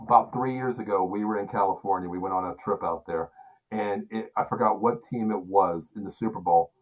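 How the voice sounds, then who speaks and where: Man, husky voice, teasing co-host on a sports chat show, spins quick anecdotes. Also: on the low side, rough recording. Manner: loud joking storyteller. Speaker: podcast co-host.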